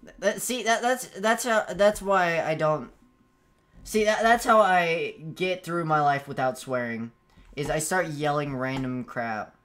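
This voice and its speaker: A man's voice: a little high, measured pace, a bit bright. A man streaming a game, chatting casually, stammering and repeating words, breaking into yelps and laughs when frustrated. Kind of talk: casual gameplay commentary.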